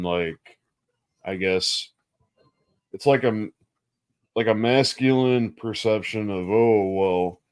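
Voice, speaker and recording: Slow, smooth-voiced man. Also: fairly low pitch. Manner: halting, searching for words. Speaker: podcast co-host. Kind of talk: casual gaming discussion.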